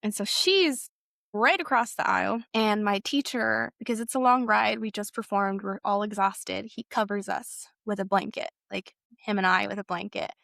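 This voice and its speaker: A woman's voice: medium pitch, normal speed, vocal fry, fairly bright tone, no echo. A young adult woman recounts her own experience as a podcast guest, speaking candidly in a mid-range voice. She talks in a hesitant, conversational way, full of fillers and restarts. The recording is dry and close, with no room sound. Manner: hesitant, with frequent fillers and self-corrections. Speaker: guest sharing a personal story. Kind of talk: candid personal storytelling.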